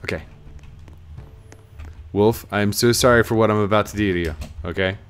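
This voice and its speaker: A man with the sniffles giving casual let's-play commentary at home. He is excitable and bursts into laughter and high yelps. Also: normal speed, clear, resonant tone. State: sniffly, stuffy nose. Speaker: gaming YouTuber.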